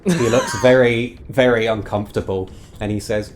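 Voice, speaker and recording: A man narrating as game master of a tabletop game, relaxed and halting with fillers. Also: mid-range voice, noisy background.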